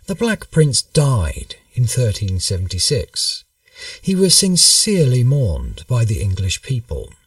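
A man narrating a history story in a measured, storytelling manner. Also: mid-range voice, huge pitch swings, no room sound, recorded from a distance.

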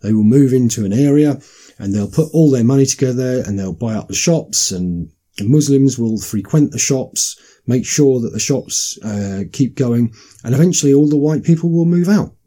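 A man's voice: mid-range voice, expressive, moderate pace, mellow. A man delivering an emphatic, insistent monologue with frequent restarts. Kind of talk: political monologue.

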